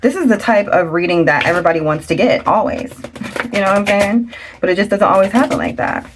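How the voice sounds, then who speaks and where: A woman giving a chatty tarot reading to her viewers. She talks fast and loose, often getting excited, exclaiming and laughing at the cards. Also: mid-range voice, background noise. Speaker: tarot reader. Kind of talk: casual tarot reading to camera.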